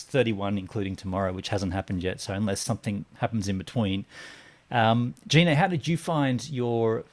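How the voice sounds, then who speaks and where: Chatty man in his forties. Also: fairly low pitch. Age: 40s. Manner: chatty, reads out live comments, halting fillers. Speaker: podcast co-host. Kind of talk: casual live-stream chat.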